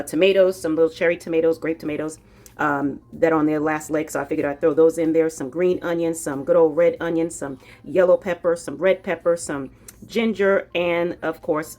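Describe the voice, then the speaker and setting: A woman with a New York accent hosting a casual cooking demo in her home kitchen, chatty and rambling as she talks straight to her viewers. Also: low voice. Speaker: cooking channel host.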